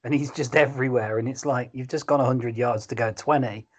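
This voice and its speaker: A man's voice: medium pitch, fairly even intonation, a little fast. Laughing man, casual chat. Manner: laughs often, chatty and agreeable.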